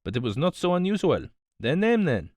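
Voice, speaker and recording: A dapper, self-satisfied old detective, voiced by a male narrator speaks in a lifted, lilting voice with a tinge. He lectures with polite, mildly reproving precision, his pitch rising and dipping expressively. The recording is close and dry. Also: very animated, a little fast, darkish tone, no echo. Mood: smug, precise. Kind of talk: audiobook character voice.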